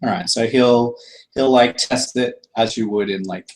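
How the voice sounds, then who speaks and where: A man narrating as game master in an unhurried way, with many fillers. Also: medium pitch, poor audio.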